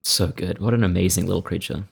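Gravelly low-voiced podcast man. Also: fairly even intonation, fast talker. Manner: enthusiastic, trades animal facts with laughter. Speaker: podcast co-host. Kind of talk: casual chat.

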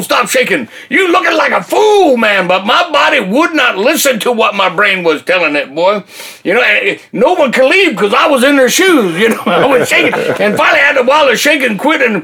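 An older man telling his faith testimony in a folksy, colloquial, animated way. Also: high voice, gravelly. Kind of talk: casual faith testimony storytelling.

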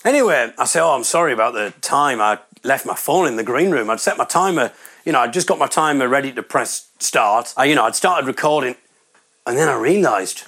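A man's voice: mid-range voice, expressive, brisk, a bit bright. A man, a comedian telling wry, rambling stories about his gigs. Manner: rambling, wry, self-deprecating. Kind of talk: comic storytelling monologue.

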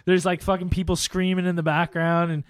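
In casual conversation, a man tells a story, cursing freely and animatedly acting out what people said. His voice is high and smooth, a little fast, with no room sound.

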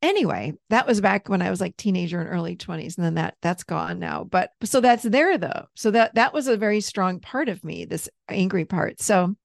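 A middle-aged woman, a therapist and coach, telling a personal story as a podcast guest in a candid, animated way, laughing easily and swearing freely. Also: fairly low pitch, moderate pace, gravelly, few pauses, dry recording, clean studio sound. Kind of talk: casual storytelling in an interview.

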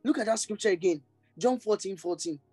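A man preaches in a charismatic style with a high, lifted voice. He exclaims ecstatically and slips into speaking in tongues. The sound is dry and close, with faint music behind him. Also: brisk, warm tone, slightly rough, no echo, rough recording. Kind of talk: charismatic sermon.

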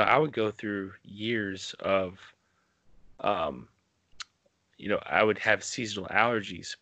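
A man hosting a podcast in a relaxed, loose way, padding his talk with fillers and "you know". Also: lowish voice, vocal fry, no echo. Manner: laid-back, filler-heavy with lots of "you know". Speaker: podcast host. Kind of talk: casual interview chat.

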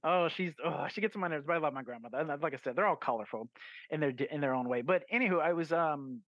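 A man's voice: on the high side, quick pace, a bit bright, no echo. A man, a guest author, telling a story in a casual podcast interview, rambling with fillers and restarts and acting out his own quoted lines. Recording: dull, lo-fi and dry.

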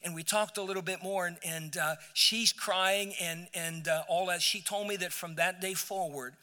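Pastor, male, high bright voice, storytelling sermon with emphatic peaks, church hall reverb. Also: fairly even intonation, moderate pace. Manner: storytelling preacher, repeats words, builds to emphatic peaks. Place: church sanctuary.

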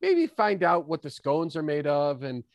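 A man voicing a cheerful, folksy man in a tabletop role-play, with a put-on drawl and hammy, drawn-out phrasing. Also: high-pitched, sing-song, no echo, voice pushed up. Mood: scheming.

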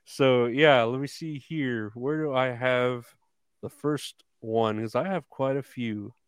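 Brief: male co-host, smooth clear voice, dry close mic, relaxed chat. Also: mid-range voice, slow pace, no room sound. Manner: laid-back, laughs often. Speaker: podcast co-host. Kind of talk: casual chat.

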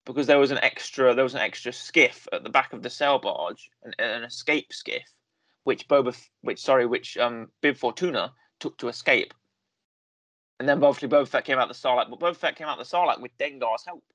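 A man talks through a review in a loose, rambling way, full of fillers and restarts. His pitch sits in a middle range. The sound is dry and close. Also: a little fast, fairly bright tone, dry recording. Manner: rambling, self-correcting, lots of fillers. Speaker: podcast host reviewing a series. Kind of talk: casual conversational review.

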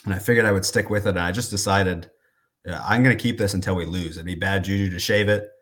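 Deep-voiced calm young man from Iowa. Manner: calm, modest, measured with many ums. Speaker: rugby player guest. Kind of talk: casual interview answers.

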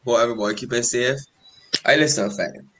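A man calling in to a cricket show, making his point slowly with restarts. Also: medium pitch, a bit bright. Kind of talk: sports debate.

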